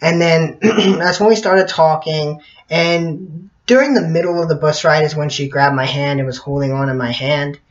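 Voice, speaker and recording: A teenage boy telling a personal story to camera in a rambling way, with many fillers, often clearing his throat. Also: on the high side, moderate pace. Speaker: vlogger. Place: bedroom at night. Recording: dull lo-fi audio.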